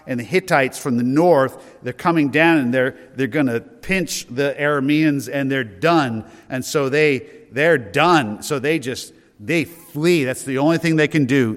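A man preaching a sermon in an earnest way, slowing down to stress key words. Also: mid-range voice. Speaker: pastor. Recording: hall reverb.

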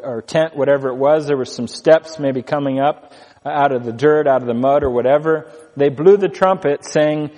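A man preaching an expository sermon, reading scripture slowly and stressing key words with deliberate pauses. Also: fairly high pitch, darkish tone, big-room sound. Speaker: pastor.

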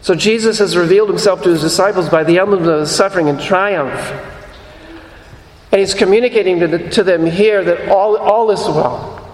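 Male pastor with a high voice, earnest sermon delivery, roomy church echo. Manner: earnest, repeats phrases for emphasis, slows on key lines. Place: church sanctuary. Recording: echoey hall.

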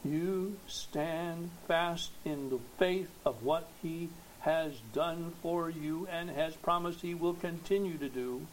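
A man preaching a sermon, slow and emphatic, rising to loud exhortation at its peaks. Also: fairly high pitch, a little hiss or hum, low-quality recording.

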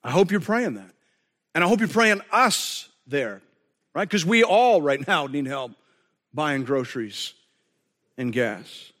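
A man's voice: a little high, very animated, measured pace, long pauses, a bit bright, in a large hall. A man preaching a sermon as pastor, earnest and conversational, often restarting his phrases.

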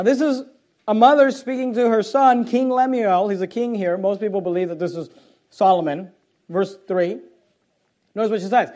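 A man's voice: high-pitched, a little mellow. A man preaching a sermon to a church congregation, reading scripture aloud with mounting force. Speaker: pastor. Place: church auditorium.

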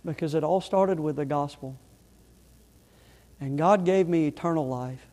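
Middle-aged pastor guy preaching hard, high voice, big loud-soft swings, long church echo. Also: measured pace. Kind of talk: sermon. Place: church sanctuary.

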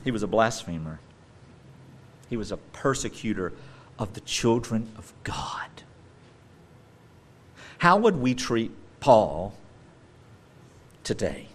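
A male preacher giving a sermon, animated and emphatic, with playful joking asides. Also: lowish voice, breathy edge.

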